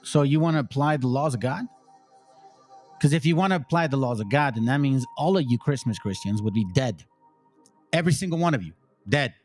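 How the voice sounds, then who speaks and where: A man's voice: mid-range voice, lively intonation, brisk, darkish tone, faint music behind. A man hosting a channel, giving blunt, preachy commentary on video clips, swearing freely and reading scripture aloud in a stately cadence.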